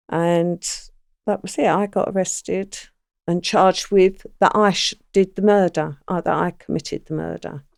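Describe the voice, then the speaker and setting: Gravelly low-voiced woman recounting events. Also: warm tone, no room sound, studio quality. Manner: plain, matter-of-fact retelling with quoted dialogue. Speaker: interview guest. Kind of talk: first-person account in a podcast interview.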